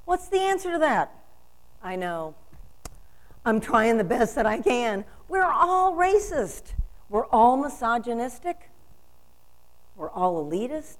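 A woman's voice: fairly high pitch, sing-song, a little slow, pauses often, poor audio. An older woman delivering a storytelling sermon, asking rhetorical questions with emphasis.

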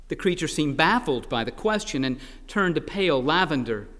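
A man's voice: fairly high pitch, lively intonation, moderate pace, hardly any pauses, a bit bright, big-room sound. A man reading a story aloud with a wry, dramatic delivery.

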